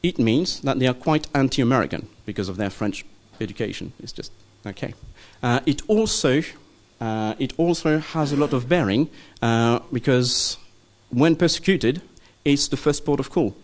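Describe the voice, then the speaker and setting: A man teaching a church study class in a loose, informal lecture, pausing often with ums and asking "okay?" to check in with the group. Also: mid-range voice. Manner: hesitant, many ums and checking okays.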